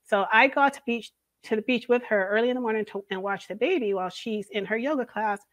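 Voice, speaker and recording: A middle-aged woman, a podcast guest, telling a story in a lively, laughing way. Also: a little high, quick pace, dry recording. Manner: animated, laughing storyteller who acts out the voices of others. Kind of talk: casual storytelling in an interview.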